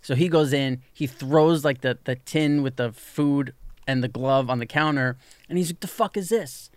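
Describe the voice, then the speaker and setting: Man telling an animated anecdote. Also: medium pitch, moderate pace, smooth, no room sound. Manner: animated storyteller, lots of "like", acts out quoted people. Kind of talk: casual storytelling chat.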